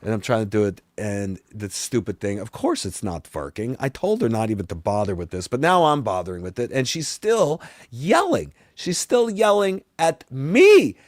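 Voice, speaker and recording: A man's voice: mid-range voice, big pitch swings, moderate pace, hardly any pauses, no room sound, studio quality, close to an everyday voice. A man playing a boastful vampire talk-show host, telling a rambling, exasperated story and swearing along the way. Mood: ranting. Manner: rambling and exasperated, swears, voice often climbs and grows loud. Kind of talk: comedic rant.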